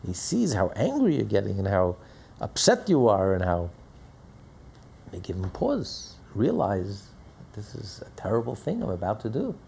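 A man's voice: fairly low pitch, huge pitch swings, moderate pace, creaky, mellow, a little hiss or hum. A man teaching a religious lesson in an emphatic manner, with rhetorical questions and repeated phrases. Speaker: Torah teacher.

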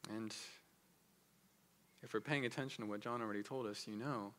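A man pastor preaching a sermon, swinging between loud emphatic peaks and hushed low passages. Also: steady tone, normal speed.

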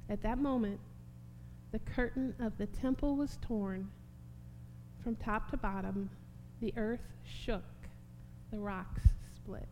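A woman's voice: medium pitch, steady tone, takes it slowly, darkish tone. A woman preaching a sermon, impassioned and rising to emphatic peaks. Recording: long hall reverb, faint hum.

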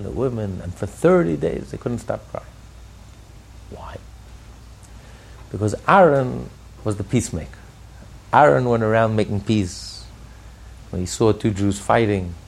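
A man's voice: on the low side, creaky, darkish tone, slightly rough. A man teaching a Torah lesson as a rabbi who builds his points through repeated, emphatic phrases. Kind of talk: Torah lecture.

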